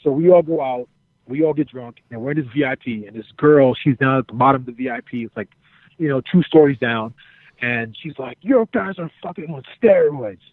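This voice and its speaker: A former wrestler, a man, telling profane, animated stories as an interview guest and repeating his phrases as he goes. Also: medium pitch, fairly quick, no echo. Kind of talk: casual storytelling. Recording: dry, phone-like narrow sound.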